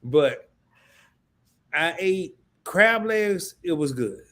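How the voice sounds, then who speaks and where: A man's voice: fairly high pitch, expressive, very slow, fairly bright tone. A man hosting a casual livestream chat, joking and slangy, often repeating himself. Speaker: host.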